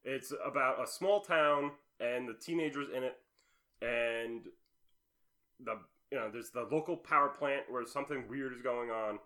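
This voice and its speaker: Bright-voiced man in easy chat. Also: medium pitch, measured pace. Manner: relaxed, laughs easily, brief replies. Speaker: podcast co-host. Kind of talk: casual chat.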